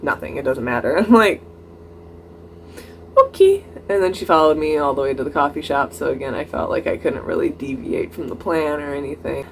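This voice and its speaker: A young adult vlogger telling a story in a casual storytime vlog, acting out both sides of the dialogue in animated bursts and leaning on "like" and "I'm like". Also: medium pitch, slight background noise. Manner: frequent "like" and "I'm like" quotative fillers.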